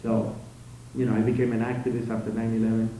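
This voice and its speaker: A man giving a conference speech as first-person testimony, telling it dramatically with swings between loud outbursts and hushed passages. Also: lowish voice, monotone, fast. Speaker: conference speaker. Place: conference hall. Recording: very echoey hall, distant mic, faint noise.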